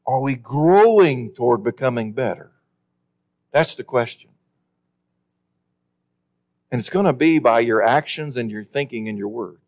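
A man preaching a sermon in an earnest, emphatic way, slowing down to stress key words. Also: medium pitch, lively intonation, a little mellow.

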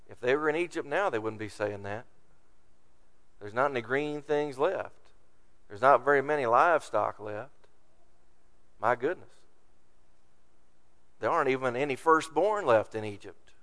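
A man's voice: medium pitch, lively intonation, moderate pace, long pauses, a bit bright. A man preaching a sermon, reading scripture aloud and acting out the complaints of the people. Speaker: pastor.

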